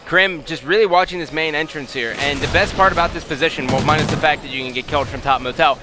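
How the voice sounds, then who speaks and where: Man, esports color commentator, higher pitch, tactical breakdowns, excitable on big plays, gunfire behind. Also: fast talker, music in the background. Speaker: esports analyst. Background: game gunfire.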